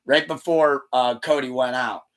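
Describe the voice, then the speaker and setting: A man's voice: mid-range voice, a little slow. A man hosting a podcast, talking loosely and swearing freely as he retells events and acts out quotes. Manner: animated retelling with acted-out quotes. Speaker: podcast host. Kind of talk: casual chat.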